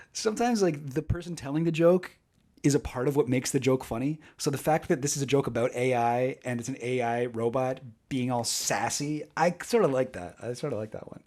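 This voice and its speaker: A man hosting a casual comedy video, reading jokes in a mock stand-up delivery and chatting about them. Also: normal speed. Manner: animated, mock stand-up delivery with lively pitch swings.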